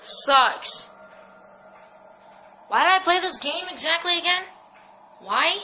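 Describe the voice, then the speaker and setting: A woman's voice: very high-pitched, expressive, slow, sharp tone, a little hiss or hum, rough recording. A woman giving jumpy, swear-laden commentary while playing a horror game. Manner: jumpy, swearing, talks to herself. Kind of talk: let's-play commentary.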